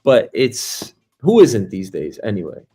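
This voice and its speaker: A man's voice: fairly low pitch, huge pitch swings, measured pace, mellow, husky, faint music behind. A man hosting a news talk stream as a comedian, rambling and swearing freely, with lots of filler words. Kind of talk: casual profane commentary.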